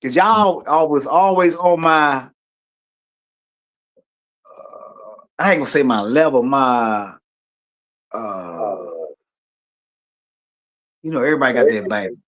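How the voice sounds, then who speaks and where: A man's voice: medium pitch, takes it slowly, long pauses. A middle-aged man with a Washington D.C. accent, telling stories as a guest in a casual, slang-heavy interview and acting out the voices he quotes. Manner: animated, acts out quoted voices, loose slang-heavy talk. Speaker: guest musician.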